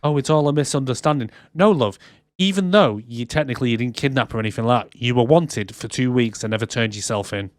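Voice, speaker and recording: A man co-hosting a casual movie review podcast, sarcastic and quick to swear as he acts out scenes. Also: medium pitch, no room sound, studio quality. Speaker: podcast co-host.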